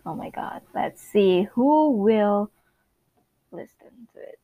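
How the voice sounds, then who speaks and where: A woman's voice: mid-range voice, animated, takes it slowly, phone-quality sound. A woman hosting her first solo podcast, chatting nervously and rambling. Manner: nervous, rambling and self-conscious. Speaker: podcast host. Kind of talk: casual solo chat.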